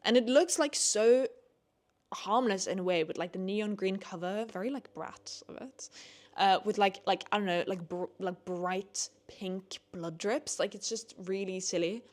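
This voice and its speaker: A young woman doing a casual book review vlog, chatty and full of "like", swearing freely and rising into animated rants. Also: mid-range voice, a little slow. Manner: chatty, heavy use of "like", swears when annoyed; animated, rising into ranting bursts. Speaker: book vlogger.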